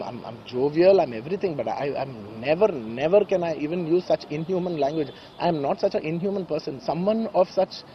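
Over dull audio and a little background noise, a man with a slightly high voice speaks at a press conference. His statement is emotional and earnest, and he keeps insistently repeating phrases.

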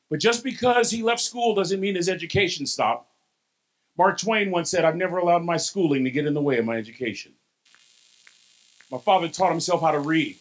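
A man with a Texan accent giving a motivational keynote, folksy and playful, leading the audience in call-and-response. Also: fairly high pitch. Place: large hall with live audience.

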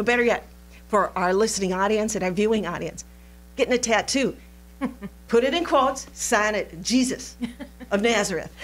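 A woman teaching a recorded Bible study in an animated, playful way, laughing often. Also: mid-range voice.

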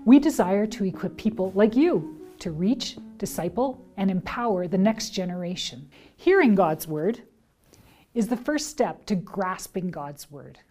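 A woman training teachers and parents, speaking in a clear, deliberate, teacherly way. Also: mid-range voice, lively intonation, dark tone, soft background music. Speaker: children's ministry trainer. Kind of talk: instructional talk to teachers and parents.

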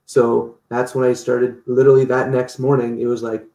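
A man being interviewed, telling stories in a lively way and acting out what people said. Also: mid-range voice, normal speed, echoey room. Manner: animated storytelling, acts out quotes. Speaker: guest. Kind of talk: casual interview.

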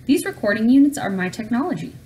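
A woman reading aloud as a woman scientist with a warm, high voice, explaining her work. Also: sing-song, fast talker, far from the mic, a little hiss or hum, poor audio.

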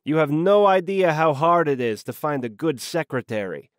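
Guy reading a noir audiobook, wry slangy deadpan, lively pitch, dry close mic. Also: moderate pace, no room sound. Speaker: audiobook narrator. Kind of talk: hard-boiled noir narration.

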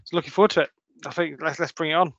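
A man's voice: fairly high pitch, steady tone, very fast, a bit bright, a little hiss or hum. A man chatting as a podcast co-host, upbeat and enthusiastic. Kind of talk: casual chat. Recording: dull lo-fi sound.

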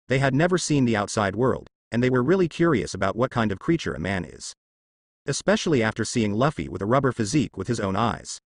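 Guy narrating fanfic audiobook, steady reading, lively pitch, dry sound. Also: no echo. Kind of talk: fan-fiction audiobook narration.

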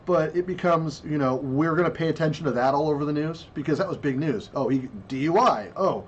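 A man's voice: on the high side, fairly quick, dull audio, a little hiss or hum. A man co-hosting a casual podcast discussion, talking in a blunt, crude and rambling way. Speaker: podcast co-host.

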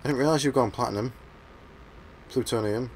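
A man giving let's-play commentary over his gameplay, excitable and exclaiming, at times mumbling. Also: mid-range voice, a little fast, slight background noise. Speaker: gaming channel host.

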